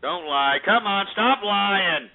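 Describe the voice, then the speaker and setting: A man's voice: high voice, animated, slow, gravelly. A man from Texas hosting call-in talk radio, brash, mocking and profane. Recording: tinny phone-like line.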